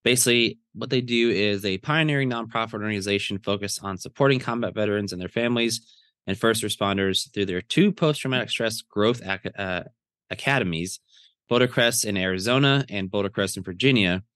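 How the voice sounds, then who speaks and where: A man's voice: on the low side, fairly quick, fairly bright tone, no echo, studio quality. A man co-hosting a podcast, talking in an easygoing way with frequent hesitations. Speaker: podcast co-host. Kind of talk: casual podcast chat.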